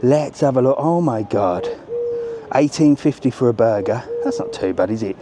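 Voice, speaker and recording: A man's voice: medium pitch, expressive, moderate pace. A man doing a casual, cheeky live walking vlog, chatting straight to his viewers and reading out their messages as he goes. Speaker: travel vlogger on a live walking stream. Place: outdoors on resort streets. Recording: faint outdoor street noise. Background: faint street and traffic noise.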